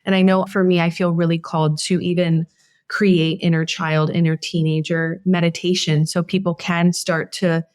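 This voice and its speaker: A woman's voice: on the low side, little pitch movement, moderate pace, a little mellow, no room sound, studio quality. Earnest, heartfelt woman podcast host. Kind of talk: casual conversation.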